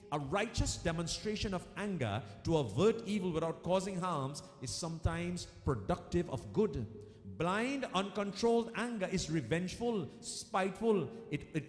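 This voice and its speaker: Lively-voiced man giving a devotional talk. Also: high voice. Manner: storytelling, repeats key lines for emphasis; addresses listeners as devotees. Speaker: spiritual speaker. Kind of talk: devotional discourse. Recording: echoey room with long reverb.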